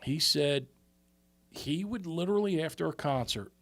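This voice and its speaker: Man, podcast co-host, rambling storyteller, swears a lot, gravelly, slightly high voice. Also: normal speed, a bit bright, no room sound. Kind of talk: casual chat.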